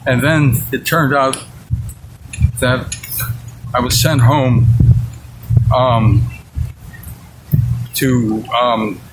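Old guy in his 80s telling his story straight, outspoken, mid pitch, hiss and clicks in the background. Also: fairly even intonation, drawn-out words, long pauses. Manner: outspoken and blunt. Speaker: veteran interview guest. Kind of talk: personal storytelling in an interview.

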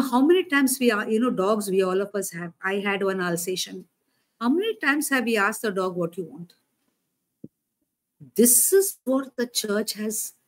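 A woman preacher giving a conversational sermon, often asking her listeners questions. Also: medium pitch.

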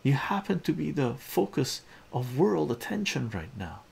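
A man's voice: medium pitch, sing-song, a little slow, gravelly, darkish tone, slightly rough, voice pushed up, full character voice. A man voicing a bewildered young man in a raised, questioning voice.

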